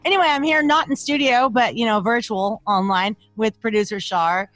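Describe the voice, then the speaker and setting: A woman's voice: fairly high pitch, normal speed, a bit bright, no room sound, faint music behind. Candid, chatty woman hosting a podcast. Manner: candid, chatty, self-deprecating, swears freely. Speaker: podcast host. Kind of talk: casual recovery podcast chat. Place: at home, recording remotely. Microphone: broadcaster board mic.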